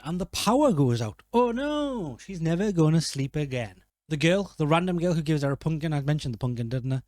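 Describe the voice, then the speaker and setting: A film reviewer with a fairly high, slightly mellow voice rambles and jokes in casual commentary, often stopping to correct himself mid-sentence. The recording has no echo.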